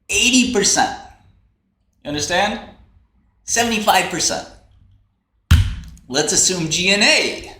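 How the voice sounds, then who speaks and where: A man's voice: on the high side, noisy background. A man hosting a casual livestream, ranting in a brash, profane, mocking way. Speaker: livestream host. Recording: roomy echo, faint typing.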